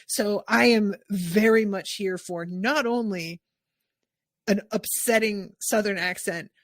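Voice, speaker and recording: Animated woman hosting a podcast, dry sound. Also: medium pitch, no room sound. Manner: animated, expressive, quick asides. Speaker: podcast host. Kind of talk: casual podcast chat.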